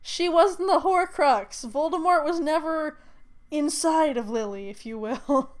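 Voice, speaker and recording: A high-pitched woman from the United States chats casually as a podcast co-host. She reads comments aloud at an unhurried pace and keeps breaking into giggles. Her talk is loose and playful. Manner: giggly, laughs often while talking.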